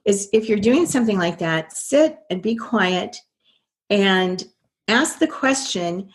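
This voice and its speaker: A woman's voice: mid-range voice, expressive, slow. An older woman, a guest in an interview, telling her story earnestly and quoting her own past thoughts.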